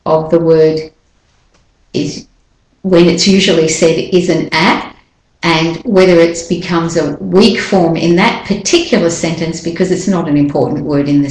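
Woman pronunciation teacher, unhurried and patient, lowish voice, roomy echo. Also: a little mellow. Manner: patient, slows down to model sounds. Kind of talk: explanatory lesson with read-aloud examples.

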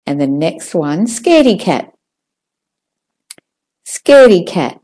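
A woman teaching an audio pronunciation lesson, saying model sentences slowly and clearly for learners to copy. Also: fairly low pitch, sing-song, mellow.

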